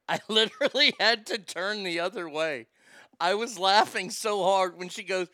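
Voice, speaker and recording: Bright high-voiced man swearing through a story. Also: slow, long pauses, no echo, clean studio sound. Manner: profane, loose, laughs easily. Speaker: podcast host. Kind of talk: casual storytelling chat.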